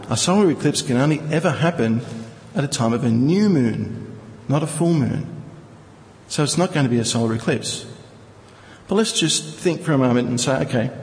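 A man's voice: medium pitch, a little mellow, long reverb tail, poor audio. A male preacher teaching from scripture, reading verses and explaining them with rhetorical questions. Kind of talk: Bible teaching sermon.

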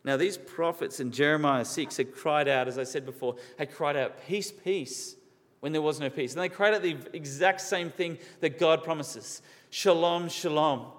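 A man's voice: a little high, normal speed, few pauses, a bit bright. A man preaching a sermon in an earnest, questioning way, repeating key words for emphasis. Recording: long reverb of a large hall.

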